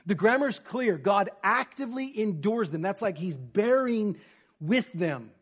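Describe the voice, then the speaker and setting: Male pastor, high voice, teaching sermon, alternates forceful emphasis with soft hushed asides. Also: animated, measured pace. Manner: swings from emphatic to hushed, near-whispered stress; teaching with rhetorical questions. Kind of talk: expository sermon.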